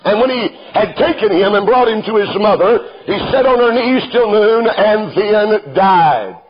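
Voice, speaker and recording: A man preaching a sermon. He reads scripture aloud, explains it, and calls out to the listener as "friend," swelling into fervent shouts. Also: sits high, expressive, measured pace, dull audio.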